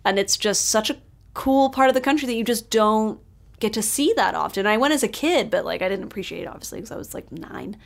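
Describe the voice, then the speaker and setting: A woman from Charleston, chatting as a podcast guest in an animated storytelling way, with lots of "like.". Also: mid-range voice, fairly quick, vocal fry. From Charleston, South Carolina, US. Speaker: podcast guest, special projects lead. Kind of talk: casual chat.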